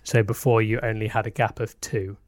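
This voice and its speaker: A man's voice: lowish voice, little pitch movement, a little fast, no room sound, studio quality. A man co-hosting a casual podcast chat, explaining details at length with a self-mocking streak. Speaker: podcast co-host.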